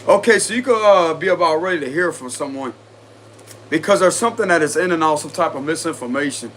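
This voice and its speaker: A man's voice: on the high side, expressive, quick pace, a bit bright, slight background noise. A man with a Cajun accent doing a casual tarot reading, chatty and confident, often repeating himself. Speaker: tarot reader.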